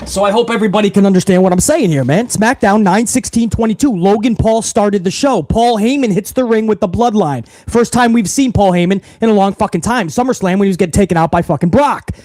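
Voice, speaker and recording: A man's voice: high voice, brisk, hardly any pauses, a little mellow, dry recording. A man hosting a wrestling livestream, talking casually and profanely straight to his viewers.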